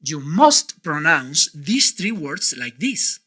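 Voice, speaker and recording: A man leads a Spanish pronunciation lesson with an animated voice that rises and falls freely. His tone is a little husky. He speaks slowly and deliberately, pausing to quiz the viewer. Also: a little high. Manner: clear, deliberate teacher's delivery with quiz questions. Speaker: Spanish teacher.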